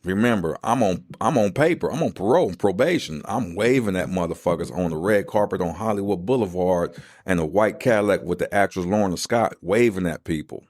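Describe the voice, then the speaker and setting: A middle-aged man with a very deep voice tells his own story in loose, streetwise slang. He slips into the voices of the people he quotes. The sound is dry and close to the mic. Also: a little mellow, no room sound. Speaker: podcast host telling his story. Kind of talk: casual storytelling.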